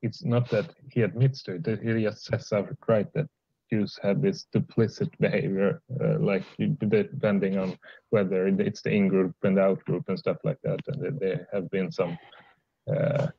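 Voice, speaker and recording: A man hosting a casual livestream chat over an online call, talking haltingly with many fillers. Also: low-pitched, flat delivery, creaky, mellow, husky, dry recording. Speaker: stream host. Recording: dull lo-fi call audio.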